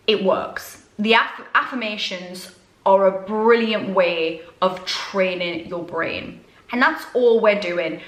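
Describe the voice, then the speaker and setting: A woman's voice: mid-range voice, fairly bright tone. A British woman working as a self-development coach, talking to camera in a chatty, straight-talking, self-deprecating way. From Britain. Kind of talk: casual talk to camera. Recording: echoey room.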